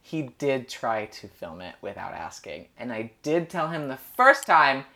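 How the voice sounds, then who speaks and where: A man's voice: mid-range voice, a little slow. A young man chatting casually, telling a story full of "like" and acted-out quotes. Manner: animated storyteller, heavy filler "like", acts out quotes. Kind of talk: casual chat.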